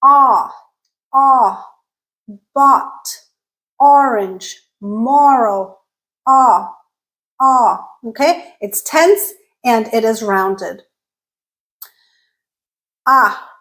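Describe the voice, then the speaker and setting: A woman teaching English vowel sounds, modelling each sound slowly and repeating example words. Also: on the high side, a bit bright, low-quality recording. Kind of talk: slow, careful pronunciation lesson.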